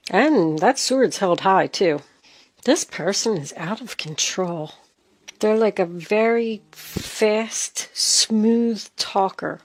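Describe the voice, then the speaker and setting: A woman giving a tarot reading, talking straight to the listener with emphatic, earnest delivery. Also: medium pitch. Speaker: tarot reader.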